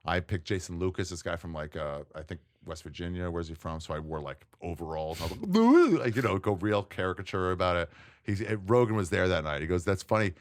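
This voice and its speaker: A man, a comedian guest, telling stories in casual chat, lively and laughing often as he acts out what others said. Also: low voice, a little fast. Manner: animated storyteller, acts out quotes, laughs often. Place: tent.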